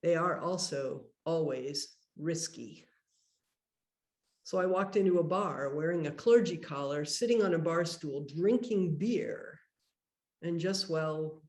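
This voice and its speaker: A woman priest giving a workshop talk, telling a personal story in a reflective, measured way. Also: low-pitched, darkish tone, echoey room. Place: conference workshop room.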